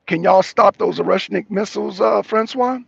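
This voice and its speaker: A man hosting a casual live debate, teasing and needling his guest as he hammers the same point again and again. His voice sits high and gravelly, with a husky edge. The lo-fi stream audio sounds dull and dry. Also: moderate pace, no room sound. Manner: mocking, repeats himself for emphasis. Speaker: talk show host debating a guest.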